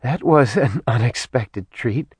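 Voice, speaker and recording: A man's voice: a little high, big pitch swings, unhurried, a little mellow, no room sound, voice pushed up. A man voicing a bold, mocking young woman in a storybook reading. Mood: teasing. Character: sassy, teasing young woman.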